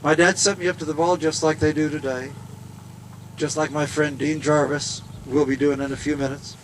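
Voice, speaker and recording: A folksy, humorous man with a somewhat high voice tells a story to a crowd outdoors. Faint noise from the open air sits under his words. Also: little pitch movement, normal speed. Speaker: golfer and speaker. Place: outdoors at a golf event.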